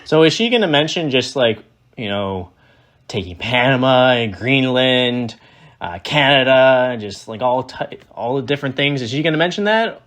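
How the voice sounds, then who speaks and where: A man's voice: medium pitch, lively intonation, moderate pace, a bit bright. A man giving casual reaction commentary on a political speech, ranting in a sarcastic, profane, exasperated way.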